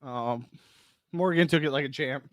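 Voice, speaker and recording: A man's voice: mid-range voice, normal speed, fairly bright tone, no echo. A man casually chatting on a live reaction stream, greeting viewers, laughing often, close to the mic. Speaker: reality show reaction host.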